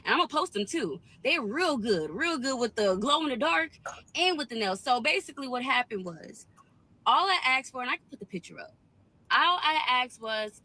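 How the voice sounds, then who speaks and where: A woman's voice: high voice, very animated, normal speed, pushed and bright, rough recording. A young woman telling an indignant, emphatic storytime complaint about a nail salon. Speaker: storyteller in a clip.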